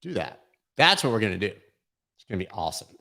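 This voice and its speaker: A man's voice: on the low side, sing-song, quick pace, vocal fry, bright, forceful tone. A man hosting a casual livestream chat, rambling and joking with lots of filler words. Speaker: host.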